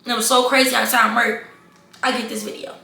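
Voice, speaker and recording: A young adult woman telling a casual storytime vlog, animated and talking straight to her viewers as y'all and baby. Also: fairly high pitch, a little fast, vocal fry, echoey room. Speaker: storytime vlogger.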